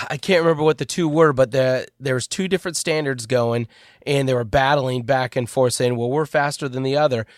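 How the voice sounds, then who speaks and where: Dry-sounding animated podcast host. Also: male voice, mid-range voice, normal speed, no room sound. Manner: animated, trails off mid-thought. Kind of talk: casual chat.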